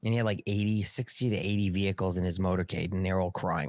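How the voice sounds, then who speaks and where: A man's voice: deep voice, steady tone, fast, darkish tone, no echo, clean studio sound. A man hosting a casual live political show, rambling and sarcastic with frequent swearing. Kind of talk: casual live-stream commentary.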